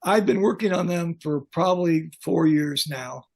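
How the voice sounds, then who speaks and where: An older man with a gravelly, husky voice sitting a little higher than most men. He tells his tales bluntly and with humor, as a guest on a video-call interview. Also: moderate pace. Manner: blunt, joking, animated anecdotes. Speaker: guest, pyrotechnics technician. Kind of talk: casual storytelling interview.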